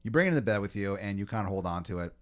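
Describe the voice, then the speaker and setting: A man's voice: on the low side, animated, very fast. Rambling man spinning an improv story. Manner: casual, rambling, heavy on fillers and swearing. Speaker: podcast host leading an improv scenario. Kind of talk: improvised second-person storytelling.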